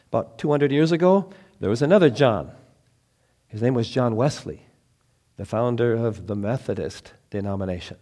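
Emphatic male preacher with dramatic pauses. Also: expressive. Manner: emphatic, slow deliberate phrasing with dramatic pauses; swings between loud emphasis and quiet low delivery. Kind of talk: sermon.

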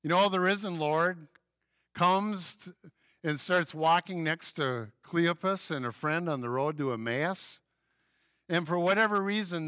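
Bright-voiced male pastor telling stories. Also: a little high, no echo, clean studio sound. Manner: lively storytelling, acting out quoted voices. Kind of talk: sermon.

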